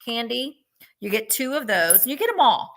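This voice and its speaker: A woman's voice: fairly high pitch, very animated, moderate pace, a bit bright. A woman co-hosting a live sale, chattily walking through each lot. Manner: chatty, upbeat selling. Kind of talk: livestream sales pitch.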